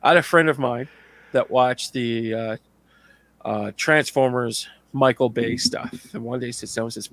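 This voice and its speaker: A man co-hosting a casual podcast chat, telling animated stories, laughing often and acting out other people's lines. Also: mid-range voice, normal speed, creaky, no room sound. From Canada. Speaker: podcast co-host.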